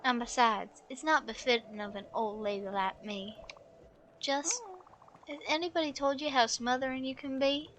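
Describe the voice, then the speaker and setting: A woman voicing a gentle, tired elderly woman in a video game, speaking softly and slowly with trailing phrases. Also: sits high, fairly even intonation, slight background noise. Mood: weary. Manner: soft, slow and weary, with trailing phrases.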